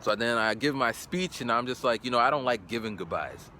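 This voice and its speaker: A man in his forties telling a story in a casual vlog, animated, and acting out sounds and voices. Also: brisk, slight background noise. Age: 40s. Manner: animated, acts out sounds and voices with big pitch jumps. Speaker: English teacher in Japan.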